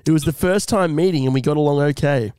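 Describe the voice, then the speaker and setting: A man's voice: fairly high pitch, fast talker, dark tone, clear, resonant tone, no room sound. A young man co-hosting a comedy podcast, reading out a listener's letter with jokey asides. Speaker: podcast co-host. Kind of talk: casual comedy podcast chat.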